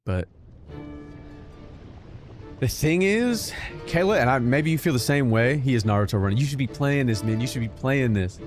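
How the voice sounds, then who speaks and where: A man's voice: mid-range voice, lively intonation, moderate pace, long pauses. A man streaming a video game, chatting casually, joking and swearing freely as he plays. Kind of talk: casual gameplay commentary. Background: game music.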